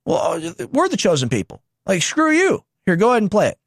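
A man's voice: sits high, huge pitch swings, a little fast, no room sound. A man hosting a commentary show who reacts to video clips and reads quotes aloud. He sounds sarcastic and indignant and often talks over the clips.

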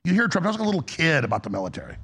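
A man's voice: fairly high pitch, wildly swooping pitch, rapid-fire, a bit bright, slightly rough. A man hosting a talk radio show with callers, talking in a rambling, emphatic way. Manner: rambling, emphatic, mocking quoted voices.

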